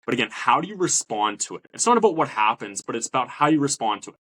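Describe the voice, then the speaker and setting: A man's voice: mid-range voice, sing-song, fast talker, fairly bright tone, breathy edge. A man hosting a podcast, a mental performance coach who talks in a motivational, coaching way. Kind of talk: interview talk.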